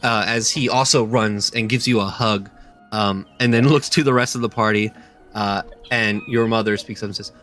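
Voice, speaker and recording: A man in the game master's seat, narrating the scene in a halting way with plenty of fillers. His pitch sits in the middle for a man. Soft music plays faintly underneath. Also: fairly even intonation. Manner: halting, many fillers, slips into character voices.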